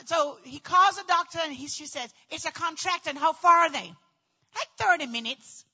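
A woman in middle age telling a personal story in a dramatic, animated way, acting out voices and often shouting. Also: very high-pitched, moderate pace, lo-fi sound. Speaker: storyteller recounting childbirth.

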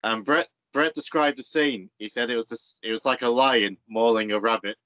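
A man's voice: medium pitch, normal speed, a bit bright, dry recording. A man interviewing a guest in casual talk, mostly chiming in briefly and now and then retelling a story. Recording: dry, dull lo-fi sound.

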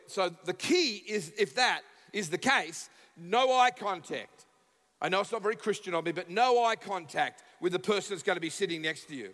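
Lively Australian preacher in an echoey hall. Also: male voice, sits high. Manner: animated, acts out dialogue, bursts into shouts. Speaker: guest preacher. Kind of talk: humorous sermon storytelling. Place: church sanctuary.

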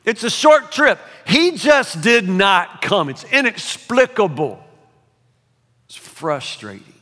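A man preaching a sermon, swinging between loud emphasis and hushed asides, often repeating words. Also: high voice, sing-song, takes it slowly. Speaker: pastor. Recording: long reverb of a large hall.

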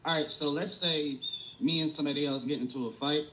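A young man with a New York accent, chatting casually, full of slang and swearing, telling animated stories. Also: a little high, fast talker, highs cut off, slight background noise. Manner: slangy, profane, animated storytelling. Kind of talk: casual chat.

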